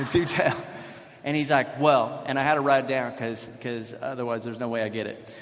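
A man in his thirties, a pastor preaching a sermon in a church and telling an animated, self-deprecating story. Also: medium pitch, brisk, a little hiss or hum. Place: church sanctuary. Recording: long hall reverb.

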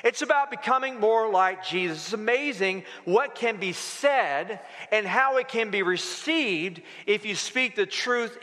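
Male pastor, 40s, bright ringing tone, casual preaching style, long reverb of a large church. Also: sits high. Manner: conversational preaching with rhetorical questions. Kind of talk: sermon. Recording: reverberant hall.

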